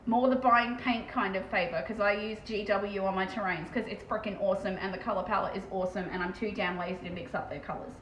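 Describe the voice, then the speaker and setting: An Australian woman rattles along at high speed in relaxed live-stream chatter, with a casual swear now and then. Her voice sits at an ordinary middle pitch. The room around her is echoey, with a faint background hiss. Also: fast talker, hardly any pauses. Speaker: live streamer and terrain painter.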